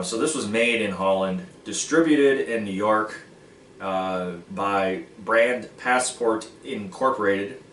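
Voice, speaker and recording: A man's voice: fairly low pitch, a bit bright, a little hiss or hum. A man hosting a casual food-tasting vlog, goofy and self-mocking as he jokes about snacks. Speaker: vlog host. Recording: echoey room from far off.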